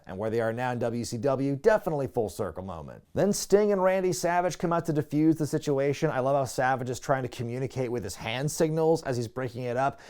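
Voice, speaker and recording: A man giving a casual, chatty review of an old wrestling show, excitable and prone to laughing at his own asides. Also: mid-range voice. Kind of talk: casual video review commentary.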